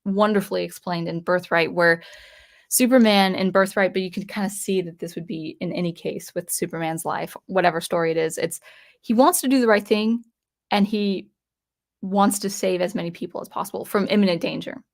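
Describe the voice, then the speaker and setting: A woman's voice: fairly low pitch, steady tone, brisk, vocal fry. A woman giving a casual, unscripted comic book review, retelling the plot in a chatty way with frequent restarts.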